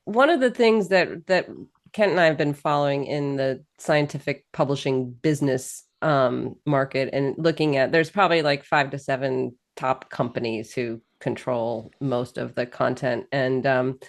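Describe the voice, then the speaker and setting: A woman's voice: extremely low pitch, normal speed. A woman hosting an interview, talking candidly and bluntly in casual conversation. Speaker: host.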